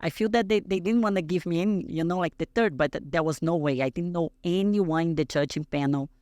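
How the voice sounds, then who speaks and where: A woman in her thirties from Brazil, speaking English with a Brazilian accent as a podcast guest, telling a story in an animated way and acting out the other people in it. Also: fairly low pitch, fairly quick, no echo, clean studio sound. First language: Portuguese. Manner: animated, acts out quoted dialogue in a raised voice. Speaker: guest athlete. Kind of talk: casual interview storytelling.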